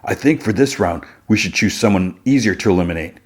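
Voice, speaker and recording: A man voicing a calculating man who argues in a measured, reasoning way, in a podcast recap. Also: deep voice, animated. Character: calculating man arguing coolly.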